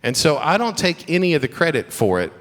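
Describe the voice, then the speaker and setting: A man's voice: a little high, very animated, a little fast. A middle-aged man with a Southern accent giving a chapel talk to students, telling stories with humor and encouragement. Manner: warm storytelling with humor and faith encouragement. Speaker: guest speaker at a school chapel. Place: school chapel. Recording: long hall reverb.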